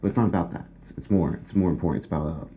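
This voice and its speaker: A man doing a rambling sketch comedy monologue, halting and trailing off, with sudden loud outbursts. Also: low-pitched, a little hiss or hum.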